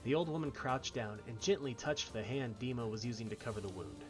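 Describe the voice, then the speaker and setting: A man streamer reading story text aloud in an expressive way. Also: mid-range voice, fairly quick, over music.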